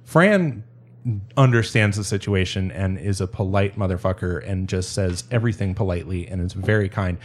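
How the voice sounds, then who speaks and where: A man telling a long story in a relaxed podcast chat, rambling and self-interrupting, breaking into laughs. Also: deep voice, moderate pace. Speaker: storyteller guest.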